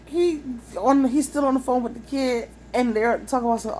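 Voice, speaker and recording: A young woman telling a wild personal story in a casual, animated, profane way, laughing often. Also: high voice, normal speed, few pauses, a little hiss or hum.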